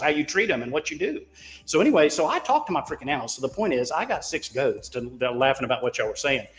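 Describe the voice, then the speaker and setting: Brief: man, co-host, slightly high voice, rambling and profane, long reverb on the audio. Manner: rambling, profane storyteller, laughs at himself. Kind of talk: casual group chat.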